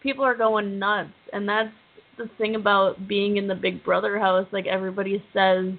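A woman's voice: mid-range voice, little pitch movement, normal speed, creaky. A woman co-hosting a podcast, chatting casually and bluntly. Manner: blunt, dismissive. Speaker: podcast co-host. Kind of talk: casual chat recapping a reality show. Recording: tinny phone-like line.

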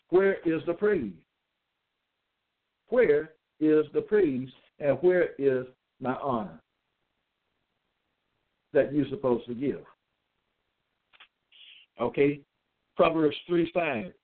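A man giving a solo religious monologue, reading scripture verses aloud and commenting on each one, often repeating phrases and checking in with "okay?". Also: mid-range voice. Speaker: self-styled preacher. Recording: tinny phone-like sound.

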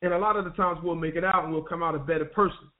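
High-voiced man telling stories over phone. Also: fairly even intonation, rapid-fire. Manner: conversational, street slang, frequent restarts. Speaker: radio show guest. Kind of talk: personal storytelling. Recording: tinny phone line.

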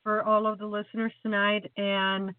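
A woman hosting a radio talk show, speaking gratefully and haltingly with fillers. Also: mid-range voice, monotone, no echo. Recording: tinny dry phone line.

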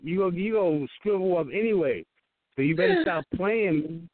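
A man riffing as co-host of a loose comedic talk show, teasing and laughing between crude jokes. His voice sits a little high and sounds dry. It comes through a thin, phone-like line. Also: fairly quick, no room sound. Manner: laughs often, playful and crude, repeats "you know what I'm saying". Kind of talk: casual comedic banter.

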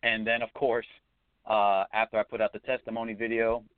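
A man with a low voice gives an earnest, preacherly testimony as a guest, pausing on fillers now and then. The sound is dry and close, with no room echo. It comes through a narrow, tinny phone-like line. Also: flat delivery, clean tone. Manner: sincere, preacherly, hesitant with fillers.

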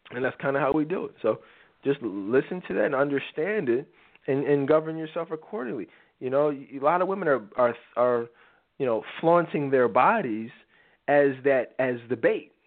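A man with a high voice hosts a live talk show and delivers an emphatic, preachy monologue. He stresses his points and jumps into quick impressions of other people. The sound is thin and boxy, like a phone line. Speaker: show host. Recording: tinny phone-like audio.

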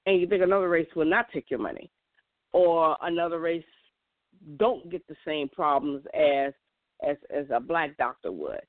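A woman's voice: low voice, expressive, normal speed, dry recording. A woman in a casual monologue, earnest and emphatic, often restarting her sentences. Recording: tinny, dry phone-like sound.

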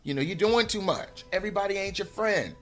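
Man impersonating stern mom, scolding, firm, higher voice, faint music in background. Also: animated, fairly quick, lightly acted.

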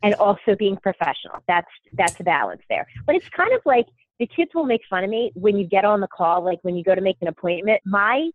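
A woman's voice: mid-range voice, very animated, a little fast. A woman hosting a podcast, chatting casually and self-deprecatingly with lots of fillers over a remote call. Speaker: podcast host. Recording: thin phone-like call audio.

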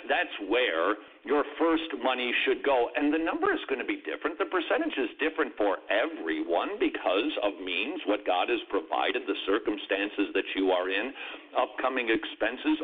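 A man's voice: medium pitch, breathy edge. A man teaching on a Christian radio show, answering a listener's question in an emphatic, conversational way with wry asides. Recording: phone-like lo-fi radio audio.

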